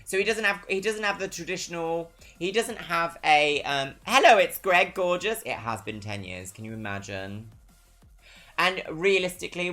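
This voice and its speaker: A livestreamer with a southern English accent chats casually with viewers, reading out their messages. The voice is bright and forward, perky on greetings and dry on asides. Soft music plays faintly in the background. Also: medium pitch. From Brighton, England. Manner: chatty and expressive, swinging between perky greetings and dry asides.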